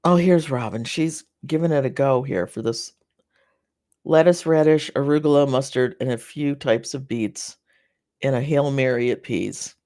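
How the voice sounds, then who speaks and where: A host of a live garden chat, from North America, talking casually and reading viewer comments in a rambling, halting way with many fillers and restarts, sympathetic toward the viewers. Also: medium pitch, dark tone, no room sound, studio quality.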